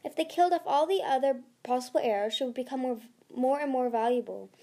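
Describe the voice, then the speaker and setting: A woman voicing a scheming female desert dragon who speaks smoothly, with a purr. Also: high-pitched, fairly quick, warm tone, pitched above the performer's own voice. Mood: silky. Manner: smooth, purring.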